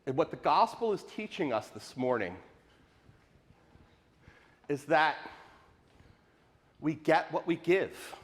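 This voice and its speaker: High-voiced animated preacher in a sanctuary. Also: male voice, slow pace, long pauses. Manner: animated, questioning, rhetorical repetition. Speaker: pastor. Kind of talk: sermon. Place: church sanctuary. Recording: live in a reverberant sanctuary.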